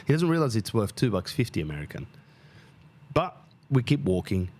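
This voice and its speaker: A man tells a story in a loose, animated monologue. His pitch swings widely as he gets caught up in it, and he swears freely and acts out the people he met along the way. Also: moderate pace. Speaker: podcast host.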